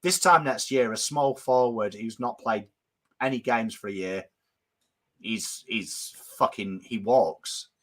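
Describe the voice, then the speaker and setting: A man hosting a casual football chat show, talking animatedly and swearing freely. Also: lowish voice. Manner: animated, does quick impressions, swears casually. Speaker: podcast host.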